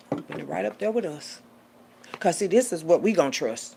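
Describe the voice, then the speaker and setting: A woman delivering a profane, preachy rant as a little sermon, swinging between hushed asides and loud outbursts. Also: mid-range voice, expressive, moderate pace, creaky. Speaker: vlogger giving a street sermon.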